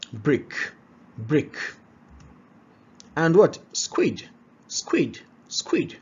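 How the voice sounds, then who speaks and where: Brief: male pronunciation teacher, unhurried drills, lively pitch that rises and falls, dull lo-fi sound. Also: a little hiss or hum. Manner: repeats words slowly, checks in with "all right?". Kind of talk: slow, drilled pronunciation lesson. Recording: dull lo-fi recording.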